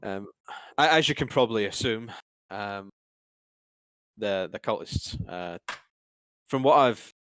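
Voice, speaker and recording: A man narrating a tabletop game as game master, halting and swearing freely. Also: on the low side, lively intonation, fairly bright tone, dry recording, poor audio.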